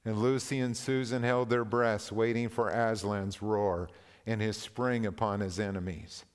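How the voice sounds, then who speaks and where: A man preaching a sermon, reading a story and scripture aloud in a slow, earnest, deliberate manner. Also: on the low side, steady tone, clean tone. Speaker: pastor. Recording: long reverb of a large hall.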